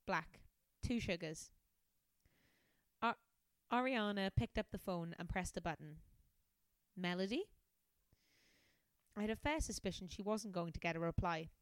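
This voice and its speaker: A woman's voice: medium pitch, brisk, few pauses, smooth, no echo. A woman guest on a podcast, reading passages from a detective novel aloud and breaking off for amused, laughing asides. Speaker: podcast guest, comedian and scientist.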